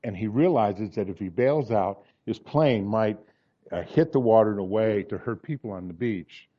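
A man's voice: on the low side, animated, moderate pace, muffled recording. A man in his sixties preaching a sermon, telling personal stories and acting out the dialogue in them with earnest conviction. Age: 60s.

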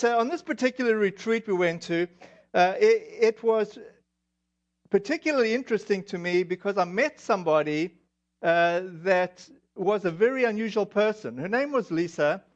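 A man from South Africa with a South African accent, preaching a sermon in a chatty, self-deprecating way with many fillers. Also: sits high. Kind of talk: sermon with personal stories. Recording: dull lo-fi audio.

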